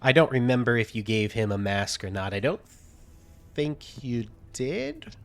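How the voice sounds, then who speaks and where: A man running a tabletop game as game master, talking in a halting way with many fillers as he narrates scenes to his players. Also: mid-range voice, very animated. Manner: halting, many fillers while reading out descriptions.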